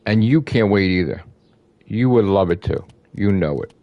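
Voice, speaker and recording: A man with a lowish voice rants as an excited fan, swearing freely and hammering the same phrases again and again. The sound is dry and close, with no room echo. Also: normal speed, muffled recording. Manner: emphatic, profane, repeats himself. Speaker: gaming channel host. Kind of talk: excited fan rant to camera.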